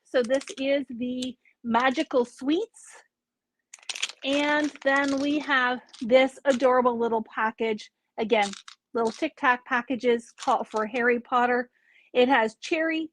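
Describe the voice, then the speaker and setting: A woman's voice: high voice, slow pace, fairly bright tone, a little hiss or hum. A woman hosting a casual live product showcase from a craft store, chatty and upbeat, with small asides as she lists items.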